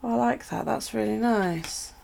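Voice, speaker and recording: A woman's voice: fairly high pitch, moderate pace, gravelly, darkish tone, a little hiss or hum. A middle-aged woman with a British accent, chatting casually to viewers while unboxing craft supplies and gushing over them. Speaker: craft live streamer.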